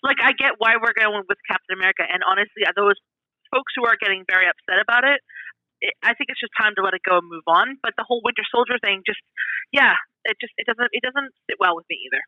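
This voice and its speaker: A woman co-hosting a podcast in casual chat, talking quickly and chattily. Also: medium pitch, dry recording, dull audio. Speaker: podcast co-host.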